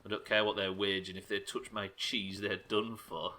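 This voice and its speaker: Bright-voiced streamer, chatty and sweary. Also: male voice, on the low side, flat delivery, moderate pace. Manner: chatty, sweary, joking with chat. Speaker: live game streamer. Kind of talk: casual commentary while playing.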